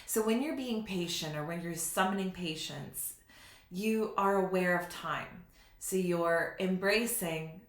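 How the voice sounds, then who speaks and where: A woman giving a slow, reflective spiritual teaching in a vlog, sometimes laughing at herself. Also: on the low side. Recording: roomy echo.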